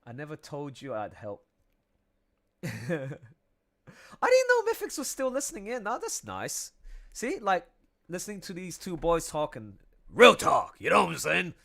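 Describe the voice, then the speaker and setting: A man's voice: sits high, huge pitch swings, measured pace, gravelly, pauses often, sharp tone. A man who draws comics, chatting casually on a livestream in a playful way, laughing often and breaking into song. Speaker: comic artist streaming his work.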